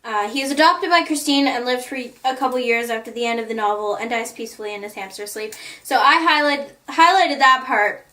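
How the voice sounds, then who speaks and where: A woman's voice: on the high side, a little fast, sharp tone, far from the mic. A woman vlogger chatting in a gushing way about the notes she wrote in a book, often laughing. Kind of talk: casual chat, reading out her notes.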